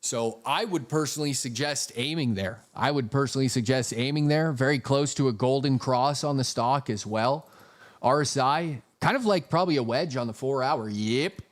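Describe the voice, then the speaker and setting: A man's voice: mid-range voice, moderate pace. A man hosting a live stream, talking casually through stock charts and reading viewer super chats, swearing freely. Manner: profane, jokey, reads super chats aloud.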